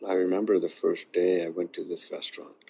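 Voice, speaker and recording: A man from India, a chef, telling his story in an interview, earnest and animated as he acts out the dialogue. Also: fairly quick. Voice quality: low gravelly husky voice.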